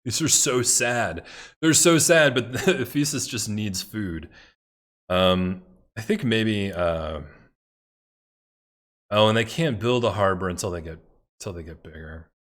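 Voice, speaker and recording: Swearing, excitable man playing a strategy game. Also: on the low side, unhurried, long pauses. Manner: excitable, swears when frustrated, muttering to himself. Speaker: gameplay commentator. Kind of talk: casual strategy game commentary.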